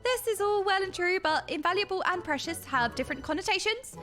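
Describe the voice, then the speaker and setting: A woman's voice: extremely high pitch, animated, a little fast, pushed and bright, soft background music, voice pushed up, full character voice. A woman voicing an earnest, humble young male mage, reading game dialogue in a formal, flustered way.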